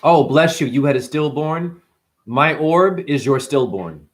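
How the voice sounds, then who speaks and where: A man hosting a casual spiritual monologue, animated and profane, full of rhetorical questions. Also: on the high side, measured pace. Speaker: host.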